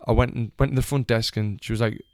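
A man's voice: medium pitch, steady tone, fast talker, dry recording, clean studio sound. A young man from England with a Sunderland accent, telling a casual story full of swearing and acting out the people in it. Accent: Sunderland English. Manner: chatty, swears freely, acts out the people in his story. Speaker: retired boxer telling a story.

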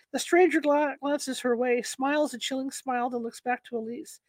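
Woman reading a story out loud, high voice, dry close sound, steady pace. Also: moderate pace, few pauses, dry recording, low-quality recording. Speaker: narrator. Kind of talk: read-aloud story narration.

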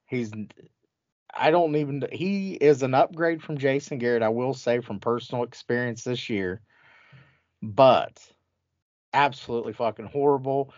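A man trashes a team with crude, gleeful mockery, his voice sitting at a middle pitch. The sound is dry and a little dull, with no room around it. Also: normal speed, dry recording. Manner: mocking, crude, animated storytelling. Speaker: podcast host. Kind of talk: profane sports banter.

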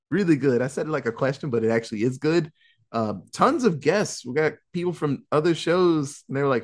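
A man's voice: on the high side, brisk. A man hosting a casual podcast, swearing often and rambling as he wraps up the show. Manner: profane, rambling, animated. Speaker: podcast host. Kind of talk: casual chat.

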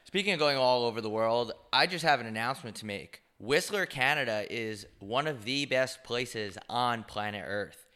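A young man co-hosting a podcast, telling crude jokes and animated stories in casual chat. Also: medium pitch, moderate pace. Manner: crude, joking, animated storytelling. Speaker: podcast co-host.

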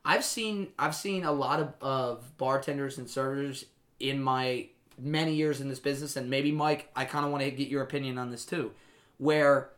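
A man hosting a casual bar podcast, animated and joking with a lot of swearing. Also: mid-range voice. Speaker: podcast host and bartender.

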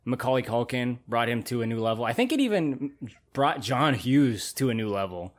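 A man's voice: mid-range voice, sing-song, moderate pace. Casual, profane man chatting on a podcast. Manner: loose, profane, laughs often. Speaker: podcast host. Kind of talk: casual chat.

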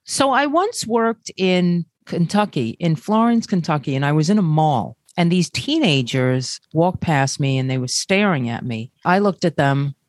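A woman hosting a casual chat, animated and full of exclamations. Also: deep voice, measured pace, hardly any pauses, no room sound, studio quality.

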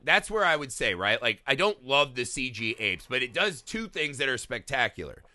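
A man with a very bright, sharp voice, talking films in a casual podcast. He is opinionated and joking. He tosses out profane asides without much care. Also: medium pitch, very animated, moderate pace. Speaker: podcast co-host. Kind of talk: casual film discussion.

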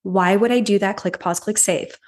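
Speaking at normal speed with a steady, medium-pitched voice, this woman hosts a podcast. She earnestly recounts a personal story, gives self-help advice, repeats phrases and keeps adding a rhetorical "right?".

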